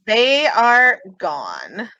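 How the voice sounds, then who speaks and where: A woman game master narrates a tabletop game and calls the rolls with calm, matter-of-fact rulings. Her voice is bright and clear, and she speaks slowly. The sound is close and dry. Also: on the high side, no echo, dull audio. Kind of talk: running a tabletop role-playing game.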